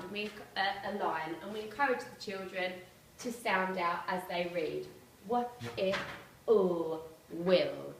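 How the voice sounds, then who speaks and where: A woman, a primary teacher explaining phonics to parents, clearly spelling out letters. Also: medium pitch, a bit bright, a little hiss or hum. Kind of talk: presentation to parents. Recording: echoey room from far off.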